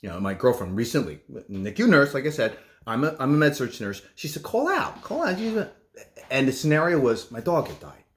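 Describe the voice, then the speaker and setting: A middle-aged man, a nurse, talking in a casual vlog from his home kitchen, rambling and halting with many restarts. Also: mid-range voice, expressive.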